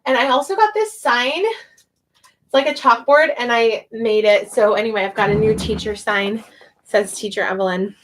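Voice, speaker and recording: Young woman teacher, high bright voice, chatty and giggly, casual livestream, faint hiss. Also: normal speed. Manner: chatty, laughs often, thinks aloud. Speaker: online English teacher and vlogger.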